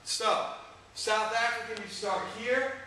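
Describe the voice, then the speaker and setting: A man coaching discus technique, giving energetic, emphatic cues in an instructional demo. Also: high-pitched, slow pace. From United States. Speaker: throwing coach. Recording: echoey room, distant mic, faint noise.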